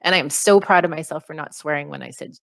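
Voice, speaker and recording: A woman's voice: low voice, fast, vocal fry, fairly bright tone, no room sound, studio quality. A woman developer reading out and answering community questions on a voice call, chatty and self-deprecating. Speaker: game developer. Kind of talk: casual Q&A in a voice call. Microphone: computer mic on a voice call.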